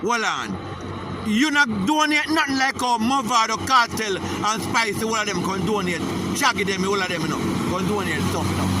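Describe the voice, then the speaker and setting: A man's voice: high-pitched, lively intonation, normal speed, noisy background. A man with a Jamaican accent giving a heated, profane political rant, repeating "you hear?" often.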